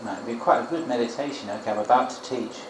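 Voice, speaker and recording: A man's voice: medium pitch, quick pace, noisy background. Musing male monk with echoey crickets. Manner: gentle, musing, frequent restarts and asides. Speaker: Buddhist monk teacher. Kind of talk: informal dharma talk and guided meditation. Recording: echoey room with loud crickets. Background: crickets and insects.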